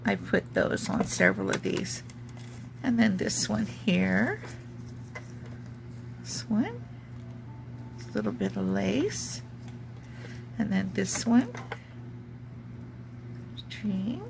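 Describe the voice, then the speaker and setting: A woman chats through her craft pieces in an unhurried, meandering way, often pausing to hunt for the right word. Her voice carries a gravelly rasp, and a faint hum sits in the background. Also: medium pitch, lively intonation. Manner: rambling, searches for words, many ums. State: has the hiccups. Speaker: junk journal crafter. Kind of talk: casual craft show-and-tell.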